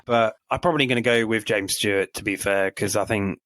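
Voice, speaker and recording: A man's voice: on the low side, normal speed, no room sound. A man co-hosting a casual film review podcast, laughing often between his points. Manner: laughs often, relaxed banter. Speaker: podcast co-host.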